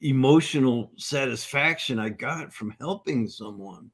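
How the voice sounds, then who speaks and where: A middle-aged man, a nutrition course founder, talking in a conversational interview at a conference event. He is an upbeat, animated storyteller who acts out the voices of the people in his stories. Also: medium pitch, a little slow.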